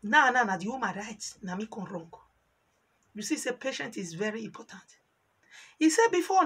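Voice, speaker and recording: Nigerian woman vlogger, bright forceful voice, animated storyteller who acts out every quote. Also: fairly high pitch, moderate pace, long pauses. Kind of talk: casual storytelling monologue in Pidgin.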